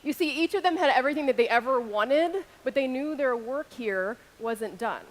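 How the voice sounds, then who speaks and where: Speaking into a stage mic at an arena keynote, a thirty-something woman with a fairly high voice sounds expressive throughout. She shifts from booming shout-outs aimed at the audience to quieter, slower, intimate moments.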